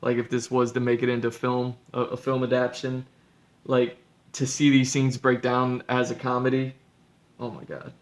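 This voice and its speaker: Man, podcast host, casual rambling monologue, level flat voice, lots of fillers. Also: mid-range voice, normal speed. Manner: rambling, with many fillers and restarts.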